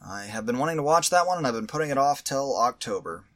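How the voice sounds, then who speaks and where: A man's voice: medium pitch, expressive, fast talker, a bit bright. A man hosting a casual podcast chat, teasing his co-host, laughing often and running the segments.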